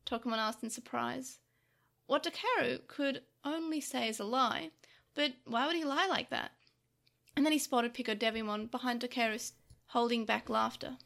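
A woman reading a children's storybook aloud, her voice high and bright. she narrates expressively, stumbling now and then, lively through the tale. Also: moderate pace, creaky.

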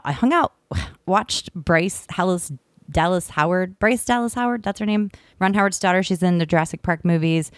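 A woman with a low voice tells a long story to her co-host. She rambles and restarts, piling up fillers as she goes, and she is recorded close and dry. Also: clear, resonant tone, dry recording. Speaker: podcast host. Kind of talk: casual chat. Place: in the UK, visiting family.

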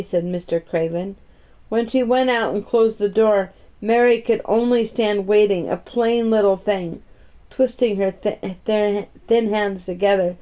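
A woman narrating a storybook in a gentle, even-paced reading voice. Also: medium pitch, normal speed. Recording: dull, muffled audio.

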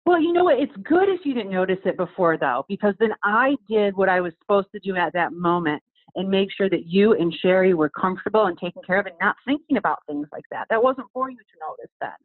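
A woman guest on a podcast in casual conversation, speaking emphatically and quoting other people in lively voices. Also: medium pitch, fairly quick, dry recording, phone-quality sound.

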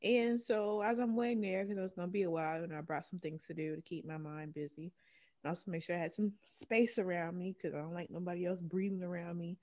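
A woman's voice: on the low side, fairly even intonation, fast talker, mellow, lo-fi sound. A woman co-hosting a podcast, telling a profane story in casual chat and laughing often. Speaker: podcast co-host.

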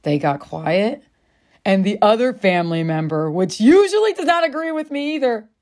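A woman's voice: medium pitch, very animated, normal speed, a little mellow. Woman in the middle of her range, casual self-help storytelling, swears a lot and calls you friend. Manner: chatty, confiding, swears freely, calls listener friend. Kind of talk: candid personal storytelling to camera.

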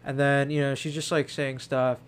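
A man's voice: medium pitch, level tone, moderate pace, clear, resonant tone. A young man co-hosting a podcast, telling a long personal story in casual chat, rambling and packed with fillers. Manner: rambling, heavy use of fillers like "like" and "you know". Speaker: podcast co-host.

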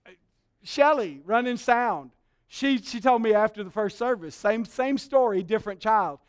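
A man preaching a sermon as pastor, telling stories in an animated way and acting out the voices he quotes. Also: very high-pitched, moderate pace.

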